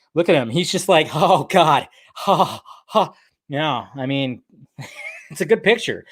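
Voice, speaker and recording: A man's voice: fairly high pitch, dry recording, clean studio sound. A man hosting a movie news channel, talking in a loose, rambling way with lots of fillers and casual swearing. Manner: loose and chatty, swears freely, full of fillers like "like" and "uh".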